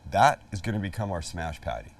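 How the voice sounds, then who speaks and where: A man's voice: deep voice, very animated, a little fast, a little hiss or hum. Middle-aged guy doing a cooking demo out back, jokey and emphatic, mic a little far off. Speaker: cooking show host. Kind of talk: casual cooking demonstration. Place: outdoor backyard kitchen.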